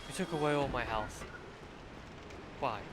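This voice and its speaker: A man streaming gameplay with casual commentary, excitable and rambling, laughing at his own remarks. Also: mid-range voice, a little slow. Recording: noisy stream audio.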